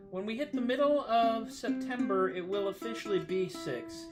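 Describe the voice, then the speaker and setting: A man's voice: high voice, expressive, moderate pace, few pauses. Goofy rambling man with guitar behind. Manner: rambling, goofy and self-deprecating. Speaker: singer-songwriter hosting a livestream music show. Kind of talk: casual livestream chat between songs. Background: acoustic guitar playing.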